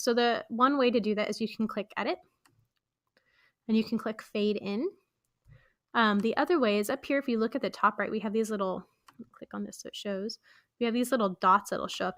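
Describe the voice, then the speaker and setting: A slightly bright, medium-pitched female voice comes through dry and studio-quality. She teaches podcast editing in an informal screen-recorded walkthrough, covering every step with warm, chatty fillers.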